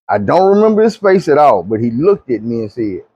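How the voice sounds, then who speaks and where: A man telling a long dream story, animated, dropping low and quiet when he pleads. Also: a little fast, slightly rough, no echo, lo-fi sound. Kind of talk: recounting a dream testimony.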